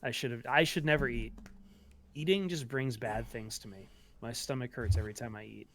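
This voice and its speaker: A man hosting a sports podcast, joking in a wry, sarcastic, low-key way and throwing to a break. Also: fairly quick, a bit bright, a little hiss or hum. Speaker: podcast host. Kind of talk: casual sports podcast chat.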